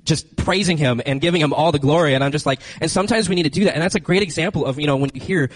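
A man preaching a lively, conversational sermon into a handheld microphone, speaking directly to his listeners. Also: a little high, rapid-fire, hardly any pauses, dry recording, low-quality recording. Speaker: youth preacher. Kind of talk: lively sermon with acted-out scenes.

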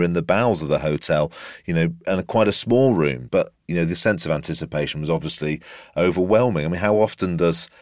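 Brief: male reporter, very low voice, dry close recording, deliberate. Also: no echo. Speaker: reporter and interviewer. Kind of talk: interviewing and eyewitness account.

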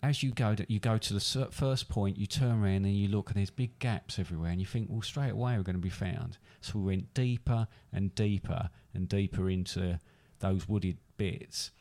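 A low-pitched man tells a story in relaxed chat. He rambles and corrects himself as he goes. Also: moderate pace, hardly any pauses. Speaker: host recounting a hide-and-seek challenge. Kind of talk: casual chat.

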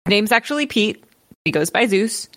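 A woman's voice: medium pitch, lively intonation, moderate pace, a bit bright, no room sound. A woman riffs through an invented musical plot, playful and rambling, tripping over fillers as she goes. Her voice sounds dry and close, with no room around it. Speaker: comedy improviser pitching a musical. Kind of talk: improvised comedic pitch.

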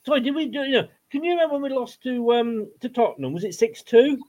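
A man's voice: very high voice, animated, fast talker, darkish tone. A man co-hosting a football podcast, talking bluntly and swearing, with rambling asides. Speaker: podcast co-host. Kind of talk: casual football chat. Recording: dull lo-fi sound.

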